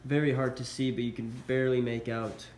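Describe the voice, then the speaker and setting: With a flat, brisk delivery and a mid-range, slightly mellow voice stuffy from a cold, a man shows off military collectibles. It's a casual show-and-tell vlog, hesitant and full of uhs. The recording is echoey, with faint background noise.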